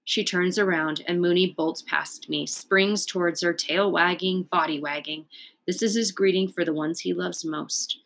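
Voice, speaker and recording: A woman reading a children's book aloud in a calm, unhurried way. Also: lowish voice, vocal fry. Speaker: storyteller.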